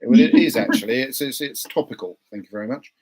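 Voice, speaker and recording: A man's voice: mid-range voice, fast, crowd noise, rough recording. A man hosting a live podcast, reading out listener comments and arguing playfully over pronunciation. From Britain. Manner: playfully argumentative, reads out chat comments. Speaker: podcast host. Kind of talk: casual live podcast chat.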